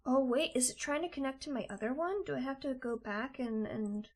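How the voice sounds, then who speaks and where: A woman's voice: sits high, fairly quick, a little mellow. A young woman live-streaming, swearing and ranting to herself in exasperation. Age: young adult. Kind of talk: casual live-stream chat.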